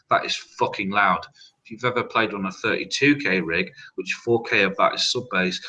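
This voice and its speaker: A man, telling rambling, halting party stories with a lot of swearing in an open online hangout. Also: low-pitched, sharp tone, rough recording. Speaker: hangout participant. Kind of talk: casual storytelling.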